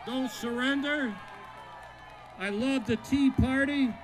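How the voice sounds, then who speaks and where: Blunt sheriff from Massachusetts at a rally. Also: male voice, very high-pitched, slow pace, over music. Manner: blunt, joking, bursts of shouting. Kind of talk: outdoor rally speech. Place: outdoors at a state capitol lawn. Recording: outdoor rally with crowd noise.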